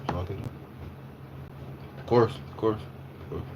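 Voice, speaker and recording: A man's voice: fairly low pitch, normal speed, background noise. A man in his twenties or thirties chatting casually on a livestream. He talks in a loose, slangy way, repeats himself, and answers viewers' comments as he goes.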